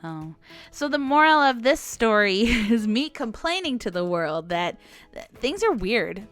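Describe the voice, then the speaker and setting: A woman hosting a podcast, telling stories in a chatty, animated way and laughing often. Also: fairly high pitch, unhurried, no room sound, soft background music. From United States. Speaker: podcast host. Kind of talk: casual storytelling monologue.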